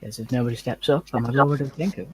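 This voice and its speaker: A man's voice: mid-range voice, rapid-fire, a little hiss or hum, poor audio. A man playing a tabletop game, speaking bluntly and jokingly, partly in character. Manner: gruff, blunt, jokey. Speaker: player.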